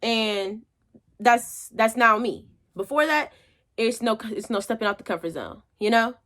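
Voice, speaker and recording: A young woman speaking in a fairly high voice tells a motivational story as a vlogger. Her talk is loose and chatty, full of everyday slang. It sounds like casual story time straight to her viewers. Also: unhurried, fairly bright tone.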